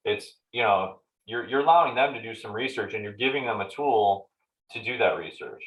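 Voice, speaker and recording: A man's voice: on the low side, normal speed. A man leading a casual training session for real estate agents, talking conversationally and walking through examples. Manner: conversational, acts out client dialogues in animated voices. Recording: roomy echoey meeting room.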